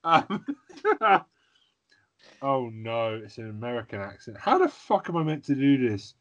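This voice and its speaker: A man's voice: mid-range voice, sing-song, a little slow, fairly bright tone, muffled recording. A man hosting a casual podcast, laughing at himself and swearing often as he chats with his co-hosts. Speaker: podcast host.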